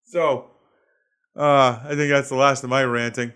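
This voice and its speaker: A man's voice: medium pitch, flat delivery, unhurried, long pauses, a bit bright, smooth. A man with a Boston accent, a comedian hosting his own podcast, ranting casually and swearing a lot while laughing at his own jokes. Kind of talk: solo comedic podcast rant.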